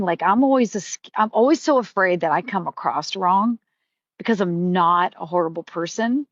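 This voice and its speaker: A woman's voice: lowish voice, lively intonation, moderate pace, dry recording, highs cut off. A middle-aged woman hosting a live stream, talking candidly in a rambling way, with frequent swearing and restarts. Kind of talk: casual live-stream chat.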